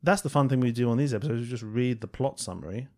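A man's voice: mid-range voice, fast talker, a little mellow. A man co-hosting a podcast, chatting casually and jokily about a film. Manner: chatty, self-deprecating, jokey. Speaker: podcast co-host. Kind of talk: casual film review chat.

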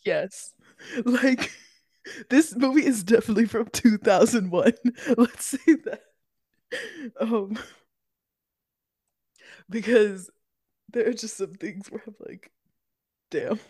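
A woman's voice: fairly high pitch, slow, long pauses, darkish tone, breathy edge, dry recording, studio quality. A woman co-hosting a podcast in casual chat, giggly and laughing often. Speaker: podcast co-host.

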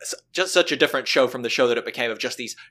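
A man's voice: mid-range voice, very fast, pushed and bright. A man with a New Zealand accent hosting a casual podcast chat, talking animatedly about comedy shows. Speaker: podcast host.

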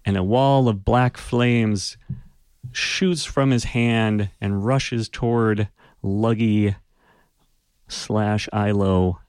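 A man narrating a tabletop game as game master, unhurried and descriptive. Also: fairly low pitch, fairly even intonation, a little mellow, smooth, no echo.

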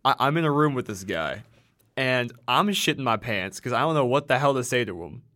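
A man's voice: medium pitch, animated, a little fast, bright, forceful tone. Laid-back young man telling stories. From American Midwest. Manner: rambling storytelling, swears freely. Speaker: podcast co-host. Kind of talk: casual chat.

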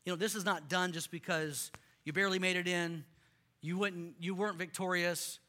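A male pastor preaching a sermon to a congregation, impassioned, swinging from loud rallying lines to quiet earnest ones. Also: high voice, steady tone, moderate pace.

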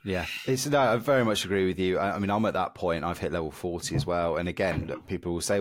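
A man's voice: low voice, lively intonation, fast talker, few pauses. A man co-hosting a casual gaming podcast, chatty and self-deprecating, talking through his games. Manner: chatty, self-deprecating, reads sponsor spots. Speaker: podcast co-host.

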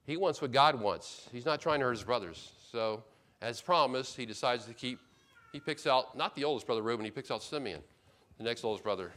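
A man preaching a sermon as pastor, paraphrasing the characters of a Bible story and swinging from loud emphasis to quiet, hushed asides. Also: mid-range voice, fairly quick.

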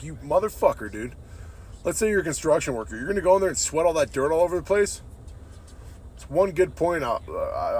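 A man's slightly high voice comes through light background noise as he hosts a podcast. He chats in a rambling, casual manner, swears frequently, and can't stop calling people "dude."

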